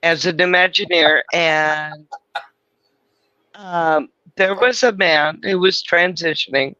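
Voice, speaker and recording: A man's voice: on the high side, slow pace, pushed and bright, clear, resonant tone, dull audio. A man from California hosting a casual live chat, telling rambling stories and swearing freely. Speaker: host.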